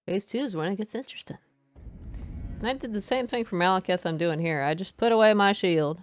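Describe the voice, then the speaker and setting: A woman streamer talks her way through a game in a casual, playful voice at an ordinary middle pitch. She chats and jokes at the screen, with faint game music underneath. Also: brisk. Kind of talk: live gaming commentary.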